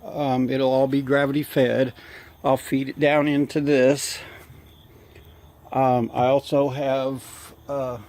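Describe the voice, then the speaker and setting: Breathless guy rambling slow in his yard, lots of uhs, bugs chirping. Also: medium pitch, little pitch movement, darkish tone. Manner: halting, many fillers. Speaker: hobby gardener vlogger. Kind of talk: casual walk-around vlog. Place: outdoor yard.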